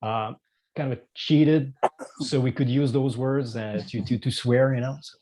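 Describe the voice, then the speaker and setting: A man's voice: medium pitch, fairly even intonation, a little slow, dark tone. A man from Quebec with a Quebec French accent, a guest musician in a casual interview, talking hesitantly with many fillers and restarts.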